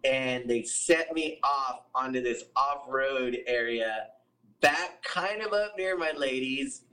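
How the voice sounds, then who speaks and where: Bright-voiced, profane male storyteller. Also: medium pitch, slow, far from the mic, rough recording. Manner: animated and profane, acts out the voices of others. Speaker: guest. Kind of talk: casual storytelling.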